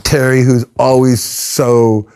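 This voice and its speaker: Rambling, animated middle-aged man telling stories. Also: medium pitch, takes it slowly, clear, resonant tone. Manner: animated, rambling anecdotes with self-interruptions. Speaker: professional drummer. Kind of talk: casual storytelling interview.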